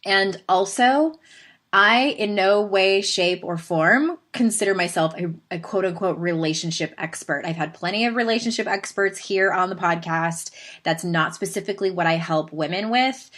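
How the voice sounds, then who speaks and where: A woman's voice: medium pitch, moderate pace. Chatty Southern California woman host. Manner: chatty and animated, with laughing asides. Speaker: podcast host. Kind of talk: casual storytelling monologue.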